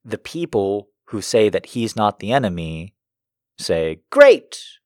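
A very deep-voiced man delivering a fired-up political rant, swearing freely and letting his emotions show. His voice sits low, close and dry, with no room around it. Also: animated, normal speed, darkish tone, dry recording. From United States. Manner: heated, profane, emotional. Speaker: political commentator.

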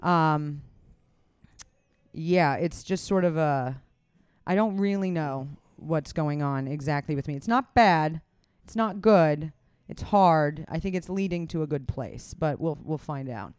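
Comedian rambling on a podcast, swears a lot, smooth clear voice, dry close mic. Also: medium pitch, lively intonation, a little slow, a little mellow, dry recording. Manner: chatty, rambling, swears freely. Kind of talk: casual chat.

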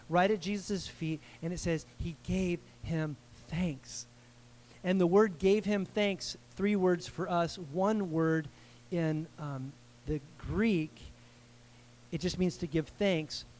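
A man with a high-pitched voice preaches in a loose, conversational way. He drops into slang and acts out the people in his story. The delivery stays animated and informal. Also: a little hiss or hum. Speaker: pastor. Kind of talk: casual sermon.

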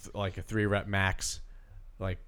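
Podcast dude, low voice, chatty, says like a lot. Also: male voice, completely flat delivery, unhurried, fairly bright tone, smooth. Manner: chatty, lots of filler like. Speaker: podcast co-host. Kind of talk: casual chat.

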